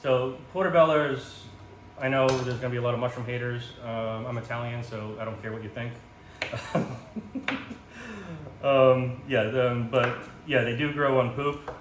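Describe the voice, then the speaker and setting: A home cook vlogger with a mid-range voice and fairly even intonation talks at a measured pace as he cooks. He rambles casually, full of ums and jokes at his own expense. Shot in portrait mode on a phone, the kitchen audio has echo and background noise.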